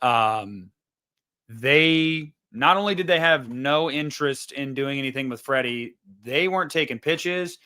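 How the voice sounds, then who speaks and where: A man's voice: mid-range voice, pushed and bright. A man hosting a casual livestream, chatting with viewers in a loose, profane, rambling way. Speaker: livestream host.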